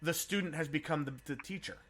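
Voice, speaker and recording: A man hosts a loose, casual podcast conversation with a bright, forceful tone and a voice that sits a bit high for a man. He swears freely and breaks into laughter often. He comes from San Diego. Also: fast talker. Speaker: podcast host.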